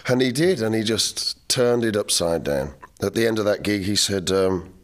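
A man's voice: fairly low pitch, lively intonation, normal speed, hardly any pauses. A man, a musician guest telling wry, laughing anecdotes in an interview. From English Midlands. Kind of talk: storytelling interview chat.

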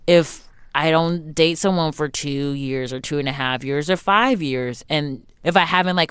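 A young woman with a low, smooth voice, talking openly in an interview. She is lively and throws in quick acted-out voices of other people, full of casual "like" fillers. The recording is dry and close. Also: dry recording. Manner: animated, acts out quoted voices, frequent "like" fillers. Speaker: interview guest, author. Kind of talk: candid interview conversation.

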